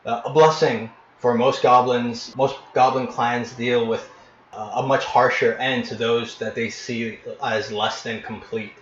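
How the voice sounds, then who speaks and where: A man narrating as game master, painting scenes in vivid detail with frequent pauses and restarts. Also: medium pitch, little pitch movement, slight background noise. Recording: echoey, dull lo-fi room recording.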